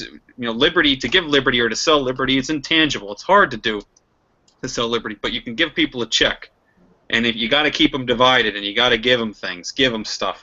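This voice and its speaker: A young man argues with heat and restless energy, his voice sharp and ringing. He stumbles and restarts as he pushes his point. The sound is dull and muffled. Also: mid-range voice. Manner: animated, heated, many restarts. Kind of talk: casual political discussion. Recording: muffled lo-fi recording.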